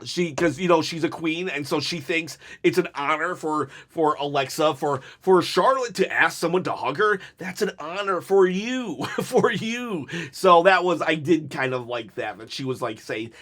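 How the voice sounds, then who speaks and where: A man with a fairly high voice chatters through a wrestling review. He is jittery from caffeine and rambles with jokey asides and bursts of laughter. The talk is loose and excitable, never scripted. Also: normal speed, hardly any pauses. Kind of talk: casual solo review talk.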